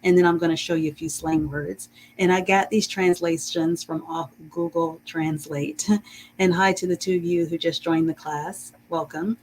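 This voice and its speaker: A woman teaching a live-streamed reading class, greeting viewers and sounding out words slowly and carefully. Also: on the low side, steady tone, a little hiss or hum, rough recording. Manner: slow, warm and encouraging, greets chat viewers; drawn-out careful pronunciation of words.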